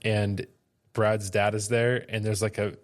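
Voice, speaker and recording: A fairly low-voiced man from Florida co-hosts a podcast at a measured pace, relaxed and chatty. He rambles, loading his sentences with "like" and "um," and stays friendly and conversational throughout.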